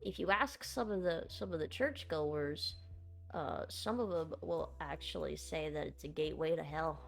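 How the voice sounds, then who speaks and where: A woman's voice: low voice, normal speed, vocal fry, soft background music. A woman playing a tabletop game, talking casually in character and hedging with many fillers. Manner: hesitant, full of fillers. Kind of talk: casual in-character role-play.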